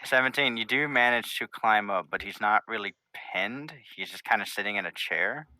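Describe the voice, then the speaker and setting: Bright-voiced male game master. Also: lowish voice, normal speed, dry recording, poor audio. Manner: loose, rambling descriptions. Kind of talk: narrating a tabletop game.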